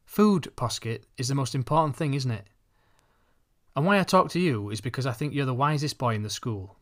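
A man voicing a thin, money-minded schoolboy who talks calmly and deliberately. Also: mid-range voice, close to an everyday voice. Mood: calculating. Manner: calm, calculating, deliberate.

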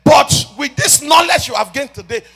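High husky-voiced preacher man yelling then dropping soft, gravelly, faint music under it. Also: expressive, normal speed. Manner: swings between shouting and soft murmured prayer; repeats "ladies and gentlemen" often. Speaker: prophet preaching. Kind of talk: sermon.

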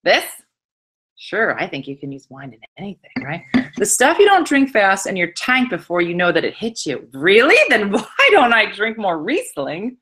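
A woman's voice: medium pitch, wildly swooping pitch, normal speed, a bit bright. A middle-aged woman hosting a live wine-tasting stream, chatting casually, laughing and reading viewer comments aloud. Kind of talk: casual livestream chat.

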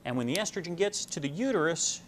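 A young man, a medical student, giving a casual explanatory lecture full of homely analogies and frequent pauses with "uh". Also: on the high side, lively intonation, a bit bright, a little hiss or hum.

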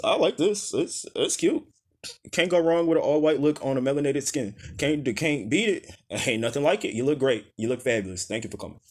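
A man roasting red carpet outfits in blunt, profane rants, calling names over and over and telling people to go to hell. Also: mid-range voice. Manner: blunt, profane, exasperated rants with repeated name calls. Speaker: fashion critic.

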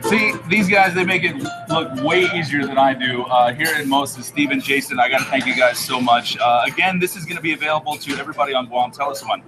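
A man's voice: mid-range voice, quick pace, few pauses, loud music behind the voice, rough recording. A man hosting a TV segment in a casual, playful, joking way. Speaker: TV show host. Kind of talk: casual chat.

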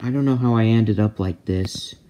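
A man's voice: on the low side, moderate pace, very noisy, pitched below the performer's own voice, natural voice. A man voicing an earnest young male spider hero in a plush toy play, speaking plainly and without hurry.

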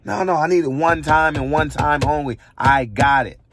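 Against a noisy background, a middle-aged man from the United States speaks at a moderate pace in a slightly high voice. Holding forth from a barbershop, he's blunt and preachy in a heated monologue, repeating himself and firing off rhetorical questions to drive his points home.

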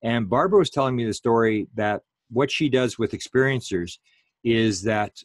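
A man's voice: mid-range voice, expressive, moderate pace, dry recording. A man giving a public lecture in a rambling way, full of fillers and restarts.

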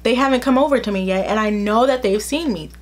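Young woman vlogger, slightly high voice, chatty storytime, acts out quotes. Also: fast. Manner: chatty, fills speech with "like". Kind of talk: casual storytime.

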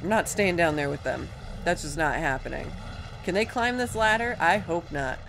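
Woman let's-play host, lowish voice, talking through her game in a chatty, self-mocking way. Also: expressive, normal speed, vocal fry, background noise. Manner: chatty, self-deprecating, thinks aloud. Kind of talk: casual gameplay commentary.

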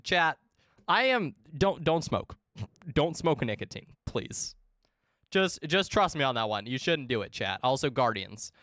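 A man's voice: mid-range voice, very animated, a little slow, a bit bright, no room sound, clean studio sound. A man live-streaming a game, chatting casually with his chat in a rambling, profane way.

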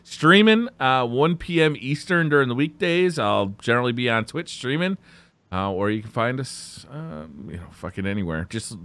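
Upbeat male podcast host, bright forceful voice that jumps all over, dry close sound. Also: medium pitch, very animated, normal speed, no echo. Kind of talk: casual podcast chat.

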